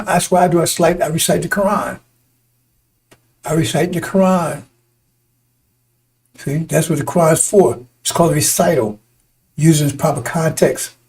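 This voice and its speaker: A man's voice: fairly high pitch, gravelly, a little mellow, slightly rough, low-quality recording. A man preaching in a combative, rambling way, often breaking off to ask "see?". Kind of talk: fiery preaching broadcast.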